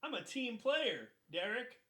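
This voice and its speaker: A young man co-hosts a podcast, trading deadpan wisecracks and quick comebacks in crude banter. His voice is bright and edged, with a lively pitch that rises and falls widely. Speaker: podcast co-host.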